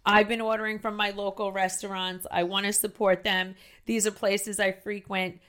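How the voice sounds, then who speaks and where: A middle-aged woman with a strong New Jersey accent hosts a casual podcast chat. She talks loudly and gushes, tripping over her words and restarting sentences as she goes. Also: medium pitch, little pitch movement, normal speed. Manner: loud, gushing, trails into restarts. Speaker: podcast host.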